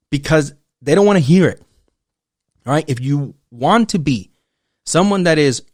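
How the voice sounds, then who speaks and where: A man's voice: medium pitch, dry recording, studio quality. A man hosting a casual commentary monologue, joking and acting out mock dialogues. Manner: animated, profane, joking, acts out mock dialogues. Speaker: podcast host.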